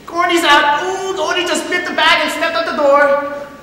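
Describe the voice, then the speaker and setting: A jeering twelve-year-old boy with a shrill, cackling laugh. The voice shoots up into a squealing falsetto and sounds bright and sharp. It carries from far off in a big echoing hall. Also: steady tone, normal speed, a little hiss or hum, full character voice.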